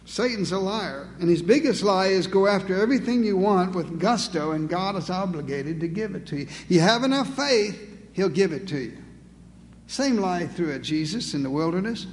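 A man's voice: sits high, animated, moderate pace, in a large hall, slight background noise. A male pastor preaching an emphatic, rhetorical sermon with dry humor.

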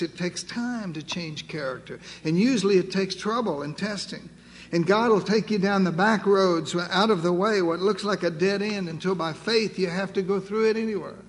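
A man preaching a sermon, emphatic and building through repeated phrases and pauses. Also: high-pitched. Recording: long reverb, faint background noise.

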